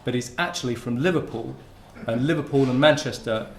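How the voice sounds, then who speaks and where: A man's voice: medium pitch, a little fast, a little hiss or hum. A man from Hertfordshire giving an informal conference talk, often restarting his sentences. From Hertfordshire, England. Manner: informal, with many restarts and fillers. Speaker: university researcher giving a talk. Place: lecture room. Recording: roomy lecture-room sound.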